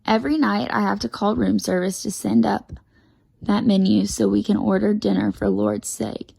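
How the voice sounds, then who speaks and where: A woman reading a children's picture book aloud in a lively first-person storytelling manner, taking on a bossy child's chatter. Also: medium pitch, moderate pace, creaky, slightly rough, no room sound, rough recording.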